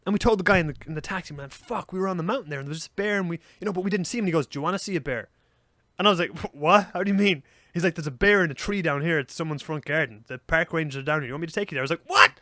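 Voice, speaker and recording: A young Irish man co-hosting a podcast, telling a story in casual, animated chat and swearing freely. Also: fairly high pitch, very fast, no room sound, clean studio sound. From Ireland. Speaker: podcast co-host.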